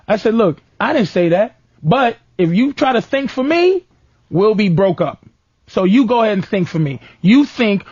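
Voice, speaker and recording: A man hosts a comedic talk show and rants through a story about his girlfriend. His pitch swoops widely as he acts out both sides. The sound is dry and close, with a dull lo-fi tone. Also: normal speed, breathy edge, no echo. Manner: animated storytelling, acts out voices. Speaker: host.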